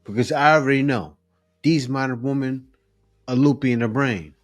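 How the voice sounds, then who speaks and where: A man's voice: mid-range voice, moderate pace. A man hosting a reaction video, giving blunt, emphatic commentary with chuckles.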